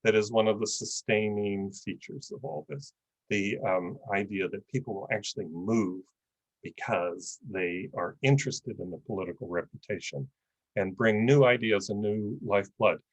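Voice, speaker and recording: A man's voice: fairly low pitch, moderate pace, dry recording, rough recording. A man presenting on a panel at an academic conference over a video call, speaking thoughtfully with many fillers, his voice starting to give out. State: losing his voice.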